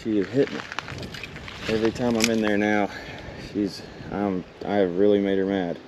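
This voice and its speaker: Excitable man fishing by a creek. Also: lowish voice, moderate pace. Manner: excitable, talks to the fish. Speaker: fishing vlogger. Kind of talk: casual outdoor commentary. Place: outdoors by a creek. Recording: outdoor camera audio with water noise. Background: running water and outdoor noise.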